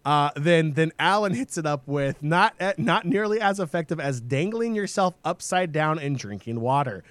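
A man's voice: a little high, animated, normal speed, a bit bright, dry recording. A man co-hosting a casual live stream, playful and teasing as he reads out chat messages. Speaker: stream co-host.

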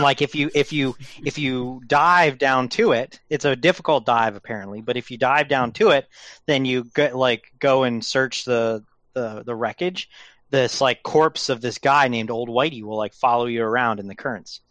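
A man's voice: mid-range voice, normal speed, a bit bright, no echo. A man hosting a casual podcast, rambling through a story with fillers and restarts. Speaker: podcast host.

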